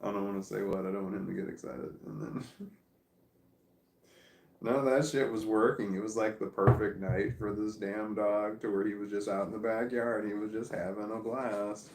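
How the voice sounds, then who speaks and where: A man's voice: fairly low pitch, fairly even intonation, moderate pace, vocal fry, reverberant, noisy background. A sleepy man rambling chattily at home, talking casually to the camera. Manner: meandering, chatty, self-amused. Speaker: vlogger. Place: at home with his dog.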